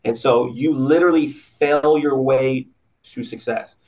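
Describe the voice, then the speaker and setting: A man's voice: medium pitch, unhurried, a little mellow, low-quality recording. A man talking casually and bluntly as a podcast guest, giving motivational advice and swearing freely. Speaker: podcast guest, business owner.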